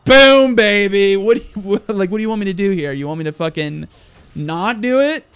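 Loud, crude young man gaming. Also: high-pitched, fairly quick, clear, resonant tone, no echo. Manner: loud, crude, excitable, yelling at the game. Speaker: gaming YouTuber. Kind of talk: let's play commentary.

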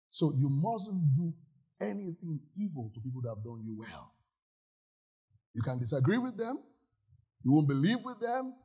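Pastor guy preaching in church, husky, kinda high voice, keeps asking the crowd questions. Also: warm tone. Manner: emphatic preaching, asks the congregation questions. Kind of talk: sermon.

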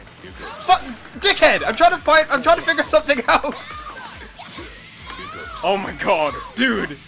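A man with a very high voice chats casually while playing a fighting game, and his pitch swings widely. He swears loudly and complains as he laughs along. Game music plays clearly behind him. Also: very animated, normal speed, pauses often. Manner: loud, swearing, frustrated and laughing. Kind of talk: casual gaming chat.

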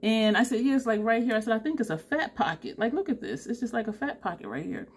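A woman's voice: fairly high pitch, animated, fast talker, slightly rough. A tired woman, telling a story to camera in a chatty way, laughing often and acting out both sides of the conversation. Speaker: beauty vlogger.

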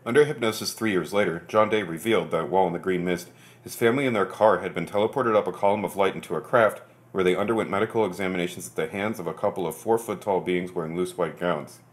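A man hosting a podcast, reading articles aloud in a steady, measured way and breaking off for quick low asides.

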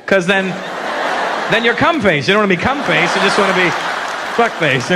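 A brash stand-up comedian talks in a fairly high voice, cursing freely and teasing the crowd. He is on a stage mic in front of a live audience, with loud crowd noise and room buzz around him. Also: animated, normal speed.

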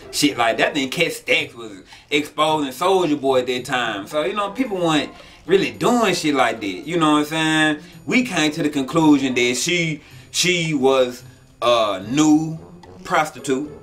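A man hosting his own channel, telling a story in casual slang and acting out the quotes in a raised voice. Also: mid-range voice. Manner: animated, acts out quotes in a raised voice, profane slang. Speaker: channel host.

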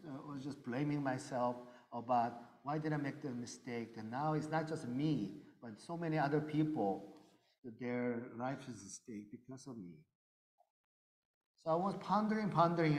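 A middle-aged male pastor telling a personal testimony in a sermon, earnest and in slightly broken English. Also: on the high side. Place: church sanctuary. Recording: long hall reverb.

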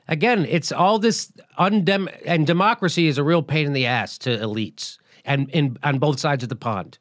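A middle-aged man hosting a political commentary show, talking in an animated, emphatic, blunt and profane way. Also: fairly high pitch, fairly quick, few pauses, no room sound, clean studio sound. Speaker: show host.

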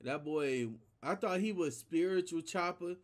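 A man's voice: high-pitched, unhurried. Chatty young man hosting a reaction. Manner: loose and chatty, tosses in 'man' and 'bruh'. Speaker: YouTube reaction host. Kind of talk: casual reaction commentary.

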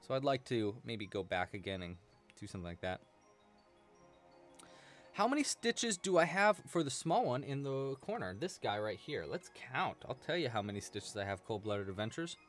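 Brief: male crochet host, rambling and chatty, lively pitch, faint music behind. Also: moderate pace. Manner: chatty, rambling, many fillers. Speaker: crochet teacher, live stream host. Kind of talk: casual live-stream teaching.

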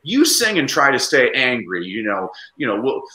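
A man speaking as a guest educator on a video call, energetic and animated, telling classroom stories. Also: medium pitch, moderate pace, reverberant, poor audio. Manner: energetic, lively, puts on voices in anecdotes. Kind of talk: animated conversational storytelling.

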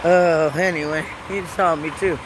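Outdoors in or next to a parked truck, with traffic and other outdoor sounds clearly present, a Christian vlogger offers her personal faith testimony and preaching. Her voice sits low, with fairly even intonation and a measured pace, and her earnest, emotional tone rises into pressing rhetorical questions aimed at the listener.

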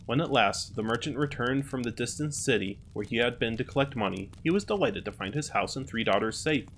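A man calmly narrating a fairy tale as a storyteller. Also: mid-range voice, a little fast, a little hiss or hum.

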